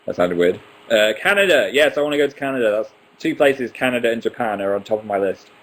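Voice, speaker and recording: A man's voice: mid-range voice, expressive, quick pace, fairly bright tone, poor audio. A man in his twenties hosting a casual live stream, reading out viewer questions and answering them one by one with playful asides. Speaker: livestream host.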